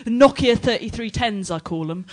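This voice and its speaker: A woman's voice: a little high, expressive, a little mellow, slight background noise. An English woman performing a bawdy stand-up set to a live audience, laughing often between punchlines. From England. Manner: brash, bawdy, quick punchlines with frequent laughs. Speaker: stand-up comedian. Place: live comedy stage with an audience.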